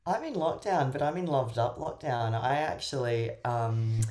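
A woman love coach and matchmaker, a podcast guest giving casual advice, expressive and prone to acting out little voices. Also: very deep voice, measured pace, a loud crowd. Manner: expressive, acts out little voices while explaining.

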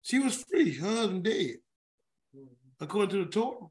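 A man's voice: high-pitched, big pitch swings, normal speed, a little mellow. A man leading a weekly Bible word study. He reads scripture aloud and breaks off into chatty, colloquial asides, often stumbling and restarting over names. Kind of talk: scripture reading with casual commentary.

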